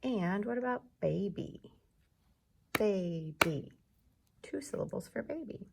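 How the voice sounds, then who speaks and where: A woman teacher giving a recorded lesson to young children, patient and encouraging, repeating each word slowly so they can clap along. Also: fairly high pitch, animated, vocal fry, noisy background. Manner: slow, patient, encouraging, repeats words for clapping.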